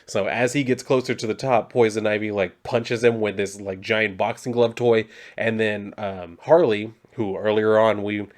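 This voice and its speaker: A man's voice: lowish voice, steady tone, moderate pace. A man casually recapping a comic book story, rambling loosely with lots of fillers and some mild swearing.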